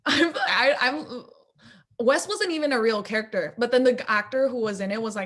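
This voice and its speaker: Young woman filmmaker rambling in an interview, kinda high voice, squeaky from talking too long. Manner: chatty, animated, quick asides. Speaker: filmmaker guest. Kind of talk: casual interview chat.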